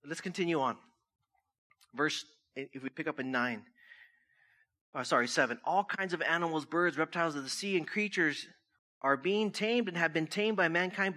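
A pastor giving a conversational sermon in a church, joking, laughing often and telling stories between scripture readings. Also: male voice, fairly high pitch, normal speed, pauses often, sharp tone.

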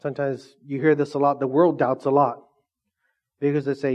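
A man preaching a sermon as pastor, casual and energetic, full of questions to the congregation. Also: medium pitch, moderate pace, lo-fi sound.

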